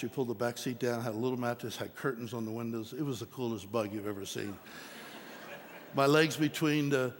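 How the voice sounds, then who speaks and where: A middle-aged man preaching, telling his own story in an earnest, storytelling way. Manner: storytelling, earnest, rises in pitch when emphatic. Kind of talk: sermon testimony. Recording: long hall reverb.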